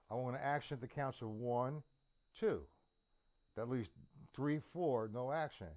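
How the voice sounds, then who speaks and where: Slow-talking male drum teacher. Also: mid-range voice, soft background music. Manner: counts beats aloud slowly and emphatically. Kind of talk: drum lesson. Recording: loud drum kit over voice. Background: loud drums.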